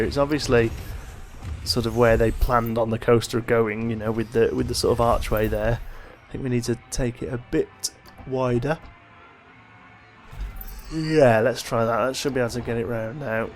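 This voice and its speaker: A man's voice: medium pitch, moderate pace, soft background music. A tired man hosting a let's play, casually thinking aloud as he plays, with yawns in his voice. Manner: thinking aloud, relaxed and chatty. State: tired, yawning. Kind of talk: casual gameplay commentary.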